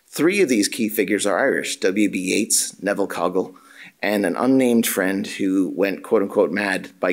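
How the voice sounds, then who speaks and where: Male lecturer, lowish voice, formal measured reading of a scholarly paper, occasional filler. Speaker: academic lecturer. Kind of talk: reading a prepared conference paper. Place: university symposium room.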